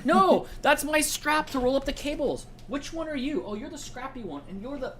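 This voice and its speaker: A man's voice: very high voice, animated, normal speed, fairly bright tone. A man running a casual trivia game show live from his home setup. He talks in a playful, joking way and his voice swings widely up and down. A faint hiss sits under the recording. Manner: playful, jokey, easily distracted. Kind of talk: casual live-stream hosting.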